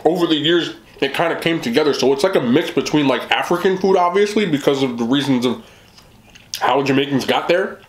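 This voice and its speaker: A man's voice: a little high, expressive, fairly quick, reverberant, slight background noise. A man hosting a casual eating vlog, chatting with his mouth full about the food. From West Indian family. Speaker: mukbang host.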